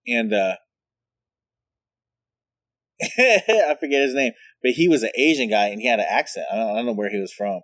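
A man's voice: medium pitch, expressive, normal speed, pauses often, a bit bright, no room sound. A man telling rambling, profane family stories in casual chat, laughing at his own jokes.

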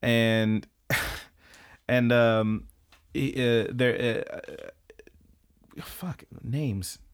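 A man co-hosts a casual podcast, retelling an anime with plenty of swearing and jokes. His voice sits at a middle pitch, and he slips in quick put-on voices for the characters. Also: steady tone, clear, resonant tone. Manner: profane, jokey, acts out characters' lines in quick voices. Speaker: podcast co-host. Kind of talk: casual anime recap chat.

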